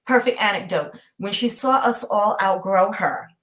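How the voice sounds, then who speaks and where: A fairly bright, medium-pitched female voice moves at normal speed with lots of animation. She's a middle-aged woman from New York with Southern roots, appearing as a guest in a casual chat and driving her stories home with "okay?" again and again.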